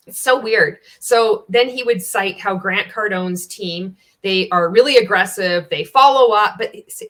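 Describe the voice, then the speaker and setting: A woman's voice: mid-range voice, fairly bright tone. A woman giving casual reaction commentary as a former insider, blunt and sarcastic, swearing freely. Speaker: anti-MLM reaction commentator.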